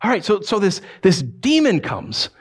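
A man preaching a conversational sermon, animated and acting out voices as he tells the story. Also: sits high, moderate pace, breathy edge. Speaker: pastor.

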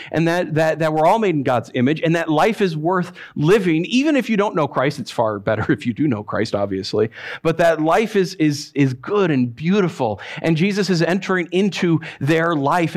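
A male pastor giving a conversational sermon, telling stories with self-mocking asides and dropping into quiet, earnest emphasis. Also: on the high side.

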